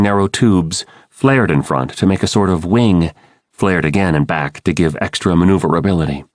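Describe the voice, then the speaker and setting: A man's voice: sits low, no echo, clean studio sound. A man narrating an audiobook in first person, reading with dramatic expression. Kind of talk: scripted narration.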